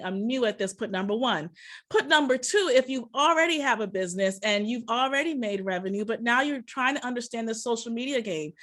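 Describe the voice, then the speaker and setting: An upbeat woman with a fairly high voice leads an online business workshop from her office. She talks straight to her viewers and keeps the energy hyped, breaking into cheers and snatches of song at times. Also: fairly bright tone. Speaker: workshop presenter and business coach.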